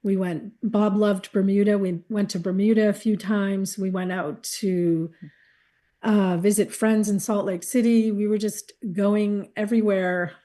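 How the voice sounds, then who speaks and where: A woman recounts her own experiences in an interview. Her voice is warm and mellow. She speaks candidly and reflectively, growing animated when she quotes others. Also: mid-range voice, unhurried. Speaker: guest, caregiver wife. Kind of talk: personal interview storytelling.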